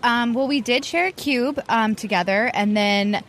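A relaxed, giggly woman chats as an interview guest, her voice a little high. She answers loosely and laughs often between her answers. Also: measured pace. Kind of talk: casual interview chat. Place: outdoor post-wedding barbecue.

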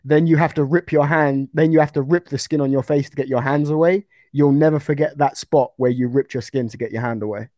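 A young man telling a fight story in a casual podcast chat, animated, with many restarts. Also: fairly high pitch, a little fast, hardly any pauses, no echo. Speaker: guest fighter.

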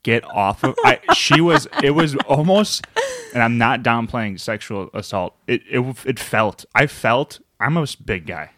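A man's voice: medium pitch, expressive, unhurried, a bit bright, dry recording, studio quality. A young man casually co-hosting a podcast, telling stories in a rambling, self-interrupting way. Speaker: podcast co-host. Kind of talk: casual chat.

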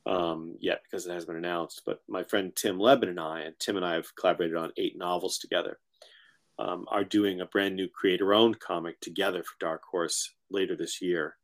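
Deep-voiced man telling stories as guest. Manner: relaxed, storytelling. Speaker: guest author. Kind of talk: casual interview chat.

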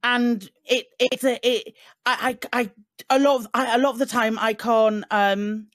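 A woman in casual group chat, talking in halting bursts with many restarts, frequent swearing and laughter. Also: fairly high pitch, fairly even intonation, a bit bright, dry recording, clean studio sound.

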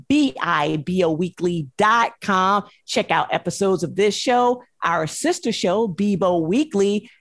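A woman's voice: mid-range voice, unhurried, few pauses, no room sound, clean studio sound. A woman hosting a talk show, upbeat and playful as she plugs the show and introduces her co-hosts. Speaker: host. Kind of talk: talk show host chat.

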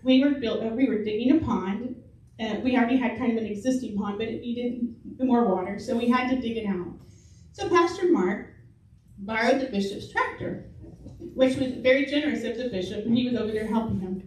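A woman's voice: a little high, a little fast, a little mellow, slight background noise. Woman telling a sermon story in an echoey hall. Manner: chatty, laughs often while telling stories. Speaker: speaker at a church service. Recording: echoey church hall from a distant mic.

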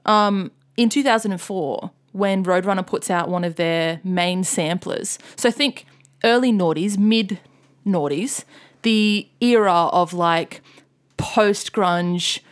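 A woman, co-hosting a casual podcast, tells a story loosely, swears freely and now and then shouts in imitation of angry fans. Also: mid-range voice, slow pace. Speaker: podcast co-host. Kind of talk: casual chat.

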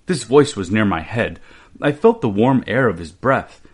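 A man voicing a gentle dragon in a read-aloud storybook, speaking slowly and wonderingly. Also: lowish voice, animated, breathy edge. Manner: slow and wondering. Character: gentle, slow-thinking dragon.

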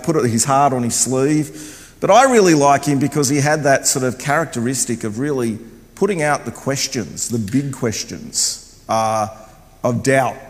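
An older man preaching a sermon in a church, loud and chatty, wandering about as he talks. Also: mid-range voice. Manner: loud, chatty, wanders around while talking. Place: church hall. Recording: long hall reverb.

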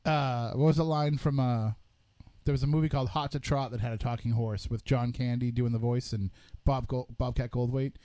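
A man's voice: mid-range voice, steady tone, normal speed, mellow. A man in casual podcast chat, voicing firm opinions about movies and telling wry jokes. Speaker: podcast co-host.

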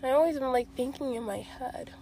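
A young woman with a high, light voice talks straight to her viewers in a confessional vlog. She sounds sad and close to tears. She rambles, circles back and swears often. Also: brisk, dark tone, a little hiss or hum. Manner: emotional, rambling, frequent swearing. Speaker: vlogger.

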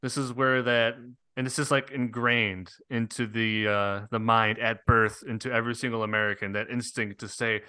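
A man's voice: mid-range voice, steady tone, normal speed, hardly any pauses, sharp tone, clean tone, no echo, clean studio sound. A man co-hosting a podcast in casual chat, laid-back and loose, calling his friend dude and man. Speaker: podcast co-host.

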